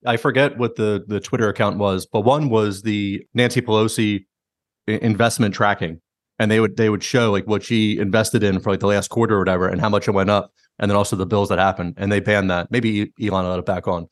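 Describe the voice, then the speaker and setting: A man hosting a podcast in casual chat, talking fast and swearing freely, acting out quotes in mocking voices. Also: fairly low pitch, no room sound, clean studio sound. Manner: fast, animated, swears a lot, acts out quotes in jokey voices. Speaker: podcast host.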